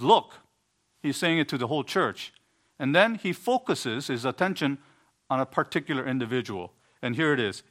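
A man's voice: mid-range voice, a bit bright. A man preaching an earnest sermon, explaining scripture with emphatic rising bursts and occasional stumbles. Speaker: pastor.

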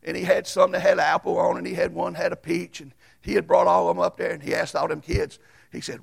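A man preaching a sermon as a Baptist pastor, folksy and storytelling, swinging from loud to hushed. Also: sits high, level tone, fast talker, vocal fry, slightly rough.

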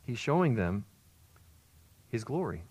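A man preaching a sermon, swinging between loud emphatic peaks and quiet low asides. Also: measured pace, husky, no room sound. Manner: expressive, rises to loud emphasis then drops low. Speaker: pastor.

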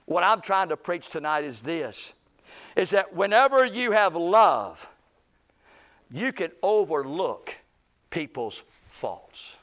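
A man preaching an evening sermon in church, swinging between loud bursts and quiet low stretches. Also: sing-song, slow pace.

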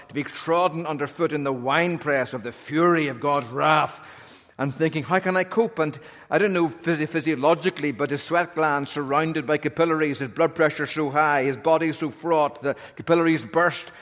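A man preaching a sermon in an animated way, with humorous asides. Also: fairly high pitch. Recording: long hall reverb.

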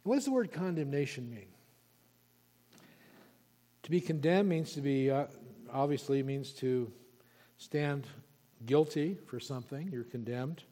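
A pastor preaching an expository sermon, emphatic and repeating key words for stress. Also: male voice, medium pitch, a little slow, long pauses, dark tone. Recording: long reverb of a large hall.

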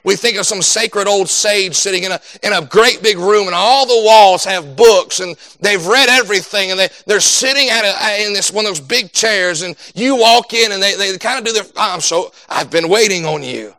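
A young man preaching a sermon, animated and dropping into quoted voices. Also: high-pitched, moderate pace, hardly any pauses, no room sound.

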